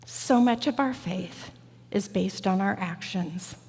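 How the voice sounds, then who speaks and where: A woman preaching a reflective, personal sermon in a church sanctuary, slow and deliberate. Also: mid-range voice, darkish tone, slightly rough. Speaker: guest preacher. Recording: church hall reverb.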